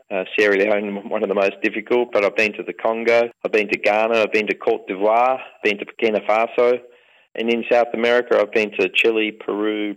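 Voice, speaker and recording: Middle-aged Australian-accented club owner, fairly low-pitched, relaxed and rambling, heard in a radio interview. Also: male voice, lo-fi sound. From England. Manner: relaxed, rambling, many fillers. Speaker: football club owner and mining businessman. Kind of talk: conversational interview.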